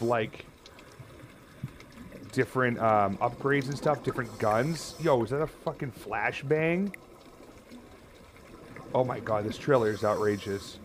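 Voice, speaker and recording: Male gamer, live commentary, panicked shouting, cursing, game water sounds behind. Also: mid-range voice, a little hiss or hum. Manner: swears and yells in panic at the game. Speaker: streamer.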